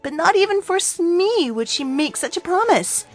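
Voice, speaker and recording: Woman reading a storybook aloud, dramatic, lively rising and falling voice, fairly high, faint music underneath. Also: normal speed, hardly any pauses. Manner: dramatic, expressive narration. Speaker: storybook reader.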